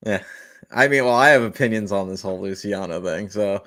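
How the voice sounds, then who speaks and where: A man's voice: lowish voice, a little fast, a bit bright. A man chiming in as a panelist on a casual live-stream sports talk show over a video call, hesitant and wry.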